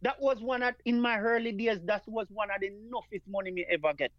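A Jamaican man with a high voice speaks as an interview guest. He tells his story earnestly, repeating himself and addressing the listener as "man of God." The sound is dry and a little dull. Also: fairly quick, dry recording. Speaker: guest performer.

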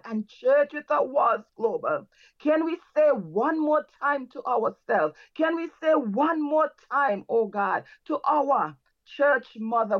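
On a muffled recording, a woman with a slightly high voice leads the end of a church service. Her closing prayer and exhortation are fervent, with praise phrases repeated between her lines.

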